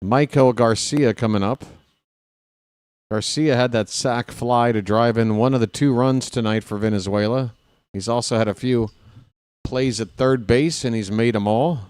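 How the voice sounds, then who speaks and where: A man's voice: mid-range voice, unhurried, a little mellow, clear, resonant tone, no room sound. A man calling baseball play-by-play for his stream, with casual, self-deprecating asides to viewers.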